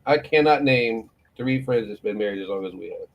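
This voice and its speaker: Speaking briskly at medium pitch over lo-fi sound, this middle-aged Florida morning show host chats casually. He's a rambling storyteller who swears and laughs often.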